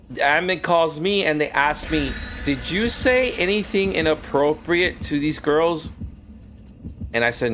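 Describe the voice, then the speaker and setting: A man's voice: fairly high pitch, slight background noise. A man who streams games and used to teach, casually telling stories from his classroom and acting out the voices of the people in them. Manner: animated, acts out quoted voices. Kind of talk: casual storytelling while gaming.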